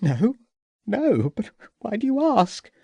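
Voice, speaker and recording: Guy doing a shaky upset victorian widow, higher voice, storybook reading. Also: big pitch swings, slow, creaky, mellow, husky, no room sound, heavily acted. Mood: distressed. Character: distressed genteel widow, soft-spoken hostess.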